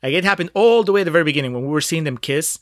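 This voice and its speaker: Male podcast co-host, higher pitch, dry close sound, thoughtful and hesitant film critique. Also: animated, no room sound. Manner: analytical, halting with restarts. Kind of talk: casual film review chat.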